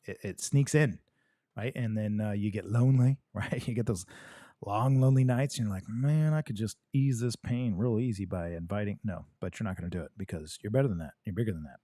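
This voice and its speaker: A man hosts a live stream and talks straight to his viewers, blunt and joking, with plenty of swearing. His voice sits low and sounds warm and relaxed. The sound is dry and close, with no room around it. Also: a little fast, no room sound. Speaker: podcast host reading live chat. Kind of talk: casual livestream chat.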